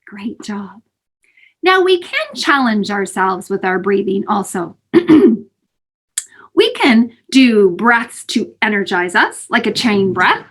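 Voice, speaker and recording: A woman teaching children mindfulness breathing over a video call, in an animated, sing-song way. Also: medium pitch, slow. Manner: animated, sing-song, calls kids sweethearts. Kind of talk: teaching kids breathing exercises. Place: home, virtual session.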